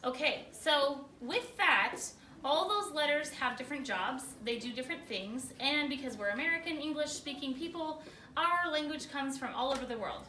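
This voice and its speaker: A woman teacher leading a spelling lesson for a class, energetic, often stopping to check in with questions. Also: high-pitched, moderate pace, a little hiss or hum. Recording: echoey room, far from the mic.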